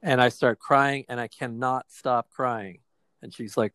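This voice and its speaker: A man's voice: mid-range voice, normal speed, a bit bright, no echo. A man in his forties from New Jersey, casually and reflectively retelling a personal therapy experience with quoted dialogue. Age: 40s.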